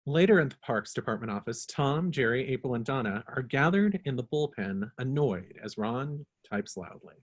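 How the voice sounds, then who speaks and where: Guy reading stage directions, brisk and plain, middle pitch. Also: animated. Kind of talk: script reading.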